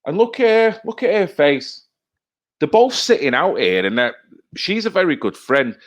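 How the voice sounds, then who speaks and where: A man's voice: on the high side, sing-song, normal speed. A man commenting on TV clips in a heated, emphatic rant, often tagging his points with "right?". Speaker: video commentator. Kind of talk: reacting to TV clips, ranting.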